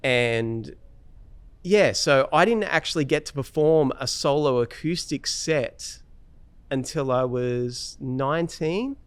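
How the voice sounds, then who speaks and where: A man's voice: mid-range voice, slow, clean tone, no room sound. An Australian man in his thirties or forties, a guitarist chatting easily in an interview, with lots of fillers and restarts. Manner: relaxed storytelling with many fillers and restarts. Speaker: guest guitarist. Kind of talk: casual interview chat.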